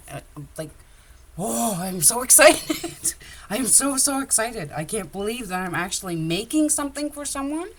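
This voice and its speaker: Low-voiced woman rambling about crafts. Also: a bit bright. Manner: rambling, openly emotional. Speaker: craft vlogger. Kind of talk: casual livestream chat.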